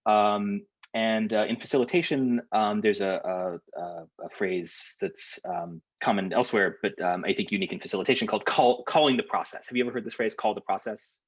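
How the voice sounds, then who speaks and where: A man leading a seminar over a video call, with a low, slightly husky voice. He talks hesitantly, full of ums and restarts. The audio is dull and lo-fi, as from a call. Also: steady tone, fairly quick. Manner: hesitant, lots of fillers and restarts. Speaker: workshop leader.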